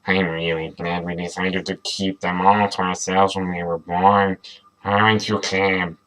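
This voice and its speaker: A man reading aloud, voicing a doting dinosaur mother in a flat, deadpan voice. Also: deep voice, unhurried.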